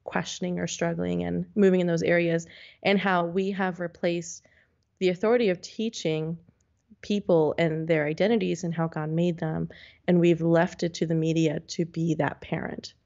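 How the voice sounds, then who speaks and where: A woman co-hosting a podcast in casual chat, reacting quickly and animatedly. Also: on the low side, little pitch movement, gravelly, a little mellow, lo-fi sound. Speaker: podcast co-host.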